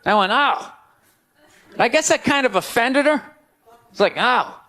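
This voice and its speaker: A male stand-up comedian on a club stage, ranting loudly and incredulously into a handheld mic. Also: very high voice, expressive, a little fast.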